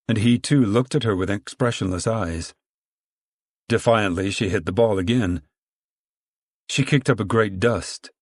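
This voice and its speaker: A man with a low voice reads a novel aloud, steady and storytelling in pace. The recording is dry and close, with no room sound around him. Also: no echo. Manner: steady storytelling, acts out dialogue. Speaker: audiobook narrator. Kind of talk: scripted narration.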